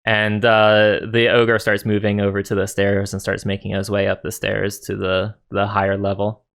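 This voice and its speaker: A man narrating as dungeon master in a tabletop game, relaxed with many fillers. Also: fairly low pitch, normal speed, gravelly.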